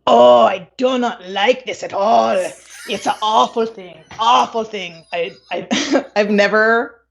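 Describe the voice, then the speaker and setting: A woman on a casual gaming stream, complaining playfully about a game change in drawn-out phrases. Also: on the high side, gravelly, highs cut off. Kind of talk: casual chat.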